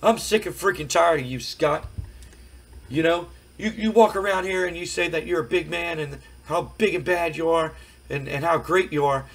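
A man doing a shrill outraged vain wrestler. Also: normal speed. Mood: fed up. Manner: shouting, outraged, high-pitched. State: hoarse. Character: angry indignant male wrestler, vain, yelling.

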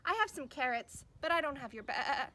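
A woman voicing a gentle fluffy bunny in a children's storybook reading, in a plain, gentle way. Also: high-pitched, animated, normal speed.

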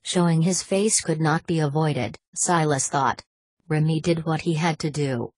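Low husky woman reading an audiobook. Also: unhurried, a little mellow, no echo. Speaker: audiobook narrator. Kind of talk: scripted audiobook narration.

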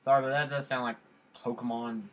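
A man's voice: medium pitch, level tone, fairly quick, poor audio. A man giving casual let's play commentary. He rambles while playing and keeps repeating silly catchphrases. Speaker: gamer.

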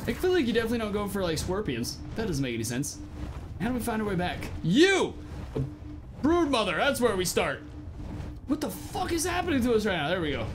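A young man giving casual, excitable gameplay commentary, swearing often and yelling at his creatures during fights. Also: high voice, fast, noisy background. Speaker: gameplay streamer.

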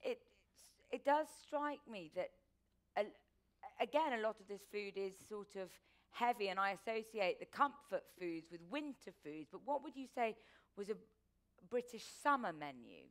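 A woman's voice: mid-range voice, lively intonation, normal speed. A woman moderating an onstage festival conversation, prompting her guest with brief questions and interjections. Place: festival stage before an audience.

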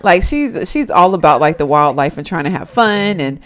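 A young woman talks her way through a life-simulation game, chatty and easygoing. Her pitch swings widely, rising high when she laughs. She calls out to her viewers as y'all throughout. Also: expressive, moderate pace. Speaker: gameplay commentator. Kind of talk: casual let's-play commentary.

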